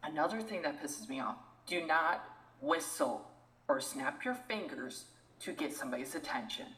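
A woman co-hosting a podcast, ranting in an animated, exasperated way in casual chat. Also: sits low, normal speed, reverberant, poor audio. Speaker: podcast co-host.

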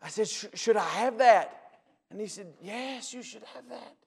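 A man, a pastor telling folksy stories in a sermon and acting out phone calls, building to loud preaching. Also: high voice, lively intonation, measured pace, vocal fry, slightly rough, long reverb tail. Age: 40s.

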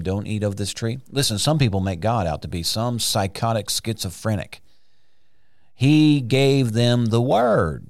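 A man's voice: fairly low pitch, darkish tone, dry recording. A man teaching the Bible on a podcast, sermon-style, emphatic, asking rhetorical questions and stretching out key words, recorded in a studio.

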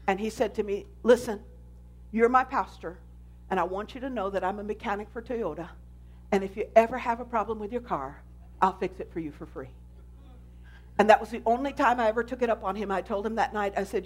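A woman pastor giving an animated sermon testimony, telling her story with emphasis. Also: fairly high pitch.

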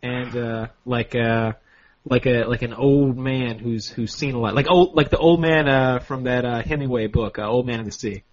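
A man's voice: mid-range voice, steady tone, normal speed, dry recording, lo-fi sound. A man co-hosting a podcast, chatting casually, enthusiastic and pushy, swearing freely. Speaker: podcast co-host. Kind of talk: casual chat.

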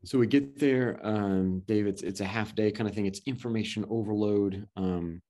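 A man's voice: lowish voice, normal speed, dark tone. A man in his thirties telling a personal story in casual chat, rambling with restarts and acted-out quotes. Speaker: guest adoptive father.

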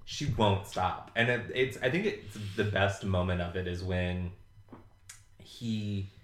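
Casual podcast co-host, man, lower voice, chatty and laughing, roomy sound. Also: slow, a little hiss or hum. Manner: chatty, animated, laughs often. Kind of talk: casual chat recapping a TV episode. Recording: roomy echo.

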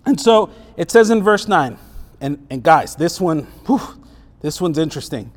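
Pastor, male, high voice, casual emphatic preaching style, rhetorical questions, long church-hall reverb. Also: expressive, moderate pace. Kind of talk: sermon.

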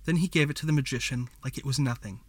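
A man narrating a fantasy story as a scripted audiobook reading, in a measured storytelling manner. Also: mid-range voice, husky, no echo.

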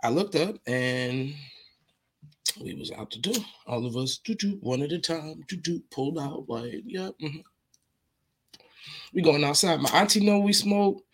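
Gravelly man telling funny stories. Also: fairly high pitch, measured pace, pauses often. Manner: animated, slangy, repeats phrases for effect. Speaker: podcast host. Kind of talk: casual comedic storytelling.

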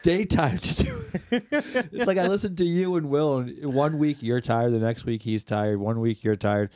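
A man co-hosting a podcast, chatting casually and dropping dry, low-key quips. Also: lively intonation, normal speed, a little mellow, no echo. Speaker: podcast co-host. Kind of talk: casual chat.

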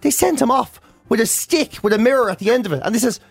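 A man's voice: very high voice, quick pace, creaky, no room sound. An Irish man co-hosting a radio show, telling stories with lots of acted-out quotes. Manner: animated storyteller, acts out quotes. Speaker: radio co-host. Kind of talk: casual chat.

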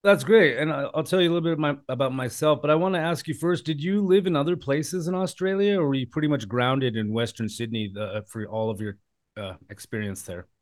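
A man's voice: on the high side, fairly quick. Hesitant man co-hosting a podcast. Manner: hesitant, searching for words with many fillers. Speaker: podcast co-host. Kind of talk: casual conversation.

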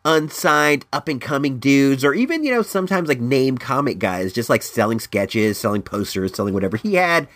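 A man's voice: very animated, moderate pace, few pauses, fairly bright tone, no echo. A stuffed-up man hosting a casual solo show, rambling and repeating himself, calling in from California. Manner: rambling, repeats words, swings high and low. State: stuffed-up nose from allergies. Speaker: podcast host. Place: at home in California.

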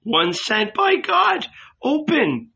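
A man voicing a fiery young male preacher with a high, cracked voice, speaking fervently. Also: wildly swooping pitch, slow pace, gravelly, sharp tone, highs cut off, heavily acted. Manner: fervent, proclaiming. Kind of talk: audiobook reading.

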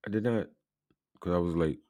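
A man's voice: low voice, normal speed, dark tone, no echo. A man hosting a casual live show, rambling and chatty, laughing often between his words and leaning on lots of fillers. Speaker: show host.

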